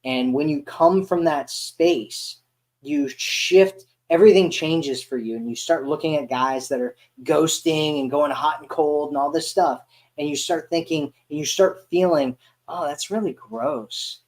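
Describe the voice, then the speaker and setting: A man's voice: a little high, unhurried, a little mellow. A man giving casual dating advice in a loose, conversational way with frequent fillers. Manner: loose, conversational, many fillers like "you know". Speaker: dating coach guest.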